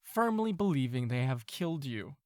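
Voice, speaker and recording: A man runs a tabletop game, describing scenes in a meandering way and stopping to hunt for words. His voice sits at a middle pitch. The recording is dry and close, with no room sound. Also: very animated, normal speed, dry recording. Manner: meandering, searching for words with fillers. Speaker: game master.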